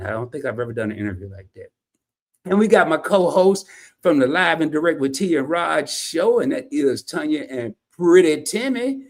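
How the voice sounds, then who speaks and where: A man hosting a casual livestream, reading viewer comments in a folksy, slangy, animated way. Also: a little high. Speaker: livestream host.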